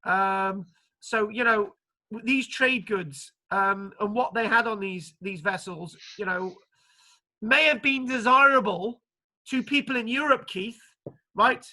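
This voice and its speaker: Bright-voiced man giving an animated lecture. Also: high-pitched, a little slow. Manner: animated, joking, many fillers. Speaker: archaeology lecturer. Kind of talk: online lecture.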